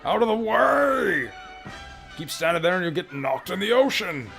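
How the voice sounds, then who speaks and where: A man voicing a gruff adult sailor on a dock in a game, calling out in a loud, bossy way. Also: high voice, sing-song, normal speed, soft background music, pitched above the performer's own voice, full character voice. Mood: shouting.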